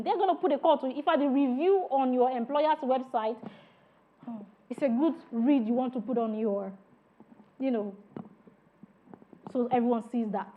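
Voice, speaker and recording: A woman's voice: high voice, normal speed, pauses often. A woman giving a customer service training lecture, speaking emphatically, showing tones by example and talking straight to her trainees. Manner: addresses trainees directly. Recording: narrow phone-like sound.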